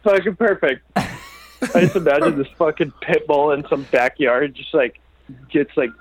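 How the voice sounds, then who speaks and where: A man's voice: a little high, measured pace, husky. A man telling rambling, profane stories over a phone call from a catering kitchen at work. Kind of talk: casual chat.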